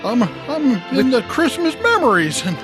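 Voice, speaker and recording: A man impersonating the ghost of an old-time male film star, folksy and halting, stammering and repeating himself. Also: extremely high pitch, very animated, over music, pitched above the performer's own voice. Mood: pleading. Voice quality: halting, drawling stammer with "I tell you". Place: podcast studio.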